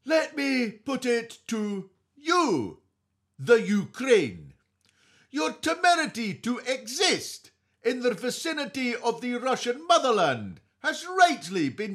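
A man doing a comic impression of a pompous older male political pundit, declaiming slowly and grandly. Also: very high voice, fairly bright tone, pitched above the performer's own voice, heavily acted.

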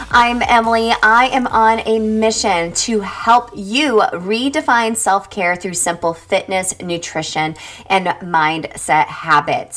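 A woman's voice: on the high side, a bit bright. A woman hosting a podcast, upbeat and chatty, laughing often. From Indiana, United States. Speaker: podcast host. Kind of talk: podcast monologue. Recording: faint music underneath.

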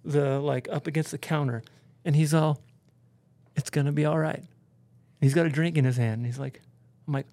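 A man, a podcast guest, telling a story in a casual, animated way, full of swearing and "like" and "dude". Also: a little high, a little fast, pauses often, dry recording. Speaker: podcast guest, pro snowboarder.

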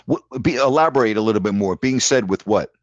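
Male call-in host, low and blunt, emphatic repeater, dry dull lo-fi sound. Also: lively intonation, quick pace, dry recording. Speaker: show host. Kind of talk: casual call-in chat and storytelling.

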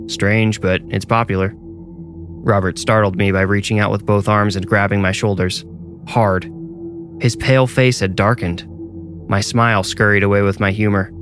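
A man's voice: lowish voice, fairly even intonation, normal speed, over music. A man reading his own horror story aloud in a dry, wry storytelling manner. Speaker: horror story narrator and author. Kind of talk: scripted horror narration.

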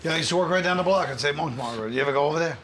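A man who is a guest comedian in a casual chat, chiming in with dry, quick comments. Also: a little high, a bit bright, slight background noise.

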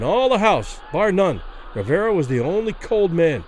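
A man reads a classic boxing story aloud with dramatic, expressive delivery. His voice sits a little higher than most men's and rises and falls in lively waves. The pace follows the tension of the fight. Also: moderate pace, a little hiss or hum, rough recording. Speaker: narrator. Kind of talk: dramatic audiobook narration.

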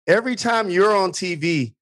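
A man's voice: sits high, normal speed, fairly bright tone. A man hosting an interview, asking supportive, probing questions. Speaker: podcast host. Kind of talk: interview conversation.

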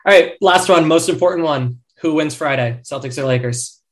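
A man's voice: fairly high pitch, moderate pace. A man hosting a casual sports podcast, laughing often and keeping the banter upbeat. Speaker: podcast host.

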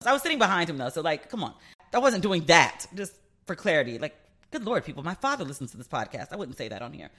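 A woman's voice: sits low, fast talker. A woman hosting her own podcast, chatting casually and frankly, swearing freely and acting out back-and-forth conversations as she tells stories. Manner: frank, profane, animated storytelling with quoted back-and-forth. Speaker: podcast host. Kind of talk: casual solo podcast chat.

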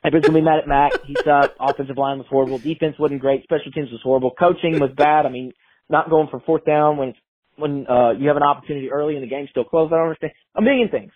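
A man's voice: on the high side, quick pace, no room sound. A man in his twenties calling in to a sports show, rambling and exasperated. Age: 20s. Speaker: caller. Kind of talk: phoned-in voicemail. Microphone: phone. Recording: tinny dry phone line.

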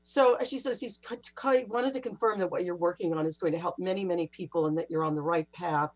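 A woman's voice: on the low side, quick pace, soft background music. A woman, a guest author, telling stories in a casual interview and acting out what others said. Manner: animated, acts out quoted voices.

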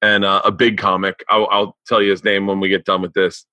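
A man's voice: deep voice, little pitch movement, fairly quick, pushed and bright, no room sound. A man hosting a podcast in casual chat, cursing freely and stumbling over restarts. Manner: profane, stammering restarts. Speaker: podcast host.

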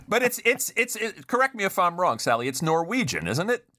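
A male co-host steers the interview with prompting questions and quick laughs. His voice is bright and forward, bouncing over a very wide pitch range. It sounds dry and close. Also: big pitch swings, no room sound. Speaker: podcast co-host. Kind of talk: interview conversation.

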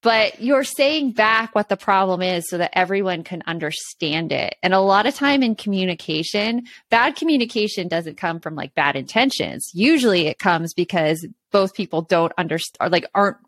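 A woman's voice: on the low side, expressive, moderate pace, few pauses, fairly bright tone. Earnest woman explaining parenting tips. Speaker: podcast co-host. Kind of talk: casual parenting chat.

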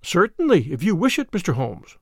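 A man reading aloud, voicing a gentle, polite young woman in a classic detective story. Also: high voice, wildly swooping pitch, brisk, dry recording, studio quality, pitched above the performer's own voice. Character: young woman, soft-spoken and obedient.

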